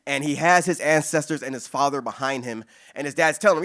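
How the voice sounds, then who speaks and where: A man in his forties, a poet answering audience questions at a reading, talking fast and excitedly with many restarts and casual swearing. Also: medium pitch. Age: 40s.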